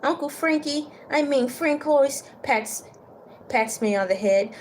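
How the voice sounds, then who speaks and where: A woman's voice: a little high, a little slow, slight background noise. Woman reading a book aloud, casual asides. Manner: stumbles over words, laughs at her own slips; casual asides between read passages. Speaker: book reader.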